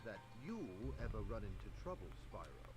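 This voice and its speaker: A man's voice: on the low side, big pitch swings, brisk, low-quality recording. An actor playing an adult male dragon in a video game, explaining how saving works with a teasing edge. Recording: loud game music behind.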